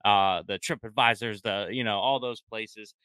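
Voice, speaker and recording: A man's voice: lowish voice, steady tone, normal speed, sharp tone, smooth, no room sound. A man guesting on a casual podcast, talking enthusiastically with lots of restarts and frequent use of man. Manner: enthusiastic, many restarts, says man a lot.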